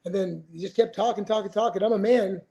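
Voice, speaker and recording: A man's voice: high-pitched, fast talker, warm tone, lo-fi sound. A man in his forties, a retired fighter, telling stories as a podcast guest in a rambling, profane way, full of restarts. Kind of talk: casual storytelling interview.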